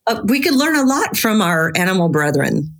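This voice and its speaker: A woman's voice: medium pitch, big pitch swings, moderate pace. A middle-aged woman speaking as an interview guest, talking frankly and earnestly, now and then swearing for emphasis. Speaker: interview guest, bereaved mother and grief researcher. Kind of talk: candid conversational interview.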